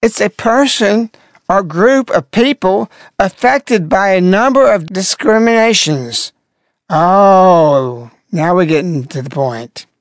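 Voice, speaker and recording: A man's voice: high-pitched, expressive, slow, no echo, clean studio sound. An older man, a religious broadcaster, commenting sarcastically and mockingly on clips he plays.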